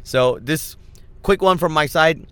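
A man's voice: fairly high pitch, unhurried, smooth, no echo. A man, a comedian and podcast host, telling a story in a rambling, self-deprecating monologue and laughing as he talks. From Middle East.

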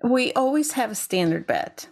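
A woman's voice: a little high, expressive, normal speed, gravelly, darkish tone. Chatty woman with a New York accent. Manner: chatty, playfully defensive. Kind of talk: casual chat.

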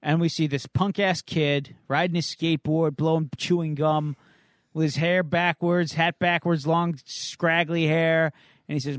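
A male podcast co-host with a fairly high voice rambles through a casual comic recap, stopping often for uhs and ums. The sound is dry and close. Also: fairly even intonation, measured pace, no echo.

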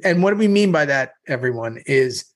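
A man's voice: medium pitch, lively intonation, normal speed, crowd noise. A middle-aged man co-hosting a podcast, telling stories in casual, profane chat and often laughing. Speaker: podcast co-host.

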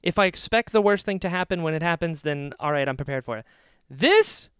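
A man's voice: on the high side, lively intonation, a little fast, fairly bright tone, clean tone, no echo, clean studio sound. A man in his twenties co-hosting a podcast, telling a story emotionally with lots of sighs. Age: 20s. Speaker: podcast co-host. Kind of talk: casual chat.

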